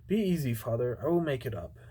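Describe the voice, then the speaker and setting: A man's voice: medium pitch, expressive, a little fast, warm tone, husky. A man voicing a stubborn, clever young woodcutter's son, read plainly with stumbles and restarts. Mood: assured.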